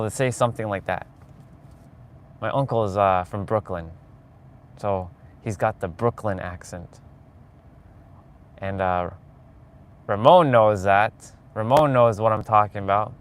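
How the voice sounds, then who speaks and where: Chatty man driving, road noise. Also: fairly low pitch. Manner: rambling, chatty, talks to viewers. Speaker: vlogger. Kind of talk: casual live-stream chat while driving. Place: in a car on city streets.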